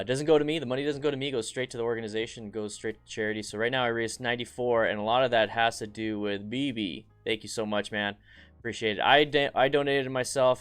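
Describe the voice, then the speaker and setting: A man hosting a relaxed live stream, talking easily and answering viewers as if among friends. His voice is smooth and clear, with sudden bursts of excitement. Faint music plays in the background. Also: fairly low pitch. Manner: chatty, reads viewer comments aloud, bursts of excitement. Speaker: motorcycle channel host. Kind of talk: casual live stream chat.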